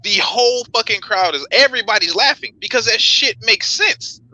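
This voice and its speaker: A man chatting on a podcast, animated and blunt, full of fillers. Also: extremely high pitch, moderate pace, dry recording, low-quality recording. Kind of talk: casual podcast chat.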